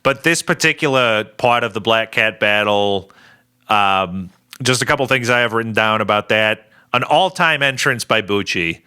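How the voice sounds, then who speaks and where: A man's voice: fairly low pitch, normal speed, pushed and bright, smooth. A young adult man co-hosting a casual podcast, steering the segments in an organized way and laughing easily. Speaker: podcast co-host.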